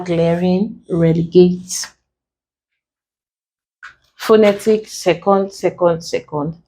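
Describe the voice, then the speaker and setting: Slow, deliberate woman tutoring English. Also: on the low side, a little mellow. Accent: Nigerian English. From Nigeria. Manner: slow, deliberate, spelling out each step. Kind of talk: online exam lesson.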